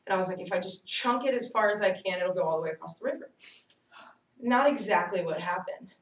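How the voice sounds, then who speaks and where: A woman's voice: fairly low pitch, a little fast. Young woman telling stories in an echoey room. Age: young adult. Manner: animated, self-mocking storytelling. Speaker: student giving a speech. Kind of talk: personal storytelling speech. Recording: echoey room, distant mic, faint hiss.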